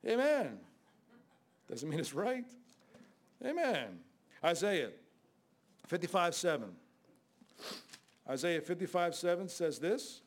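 A man's voice: a little high, very animated, slow pace, pauses often. A man preaching a sermon in a blunt, conversational way, with sudden outbursts.

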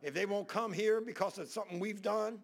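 Guy preaching, kinda high pitched, rambly storytelling, voices the people in his stories. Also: fairly quick, creaky. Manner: folksy, rambling Southern preacher talk with quoted dialogue. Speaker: pastor. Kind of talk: storytelling sermon.

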